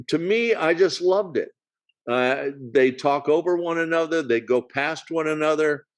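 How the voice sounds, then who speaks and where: A man's voice: on the high side, moderate pace, clean tone. A man co-hosting a podcast, talking casually about old films with many fillers and restarts. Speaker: podcast co-host. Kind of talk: casual film discussion.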